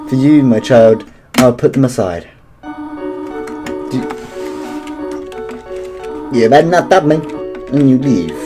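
A man voicing a gentle, motherly female goat monster who speaks softly and sadly. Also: medium pitch, close to an everyday voice, poor audio. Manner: soft, sorrowful, pleading.

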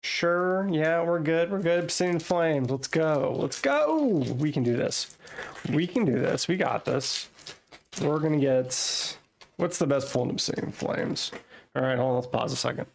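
A man casually chatting and thinking aloud as he opens trading card packs at a home desk setup, getting excitable over his pulls. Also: a little high, normal speed, creaky, a little hiss or hum. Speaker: card-opening vlogger. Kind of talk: casual unboxing chat.

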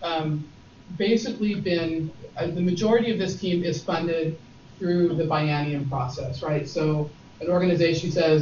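A man's voice: a little high, moderate pace, darkish tone, a little hiss or hum. A man gives a casual, rambling workshop presentation and pokes fun at himself now and then. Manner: casual, rambling, self-deprecating. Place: meeting room. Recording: distant, muffled, roomy.

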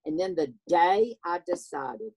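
Husky Southern man with a high voice. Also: measured pace. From American South. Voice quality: high voice often taken for a woman's. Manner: animated, acts out voices in his stories. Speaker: guest. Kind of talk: casual anecdotal storytelling.

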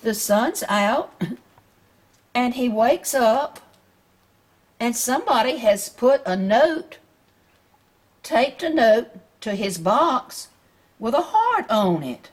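A woman with a Southern US accent reads a children's picture book aloud at a slow, unhurried pace. Her voice is slightly husky, and her manner is gentle as she keeps asking the young listeners questions. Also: a little high, animated. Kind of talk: storybook read-aloud.

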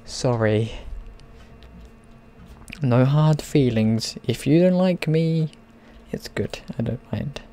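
A man hosts his gaming channel, goofing around and talking to the characters as he plays. His voice is mellow and rounded, and he takes his time, letting each phrase stretch out unhurriedly. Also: mid-range voice, expressive, slow pace, pauses often. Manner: playful, rambling, talks to game characters. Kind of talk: gameplay commentary.

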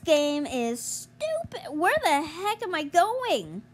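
A young woman commentating her gameplay, exasperated and groaning, yelling at other players to get out of her way. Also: very high-pitched, huge pitch swings, slow, hardly any pauses. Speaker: gamer streamer.

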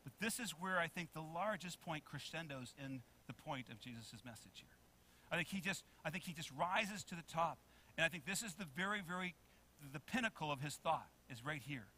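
Bright, high-pitched animated preacher man. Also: a little fast, slight background noise. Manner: animated preaching, acts out quotes, asks the congregation questions. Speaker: pastor. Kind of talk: sermon. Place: church sanctuary.

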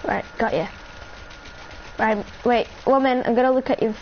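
A woman's voice: fairly high pitch, fairly even intonation, normal speed. A woman giving rambling, chatty live commentary on her game and talking to her viewers. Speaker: game streamer. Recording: dull lo-fi mic with faint hiss.

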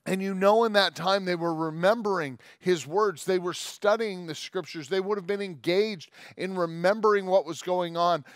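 A male pastor giving a sermon in a conversational, joking way, with quick asides and long scripture readings. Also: on the high side, dry recording, studio quality. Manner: reads scripture aloud at length.

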